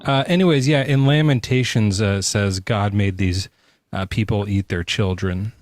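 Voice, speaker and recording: A male podcast co-host in a casual live chat, crude and joking, with an animated delivery. His voice sits fairly low, and the sound is dry and close. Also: moderate pace, no room sound.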